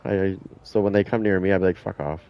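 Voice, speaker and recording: His low-pitched, resonant voice races along with a flat delivery, clear but with the highs cut off. While streaming a game, this man chats casually, telling boastful stories packed with swearing and acting out quotes from others.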